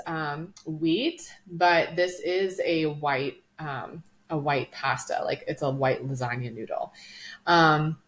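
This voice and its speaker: A woman co-hosting a nutrition podcast, explaining in a casual, informative way with many ums. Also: on the low side. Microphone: studio microphone.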